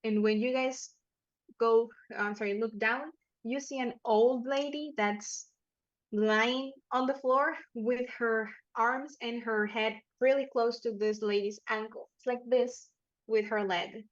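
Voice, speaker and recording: A woman narrating a tabletop horror game as game master, talking casually with fillers and quick self-corrections. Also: on the high side, steady tone, lo-fi sound. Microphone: headphones and microphone.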